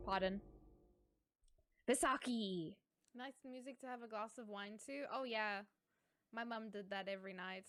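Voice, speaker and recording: A woman's voice: medium pitch, unhurried, pauses often, fairly bright tone. A woman streaming a game live, chatting casually with her viewers, swearing freely and laughing often.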